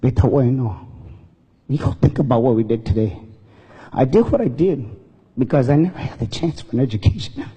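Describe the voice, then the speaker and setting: A man voicing his weary, wise immigrant father, speaking low and quietly, heard with long hall reverb. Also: expressive, fairly quick, pauses often, husky. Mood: gentle.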